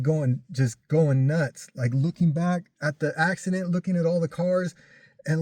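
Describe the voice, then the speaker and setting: Halting man telling a story, dry sound. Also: fairly high pitch, steady tone, dark tone, dry recording. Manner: halting, full of restarts and fillers. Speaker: vlogger recounting a crash. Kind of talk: casual personal storytelling.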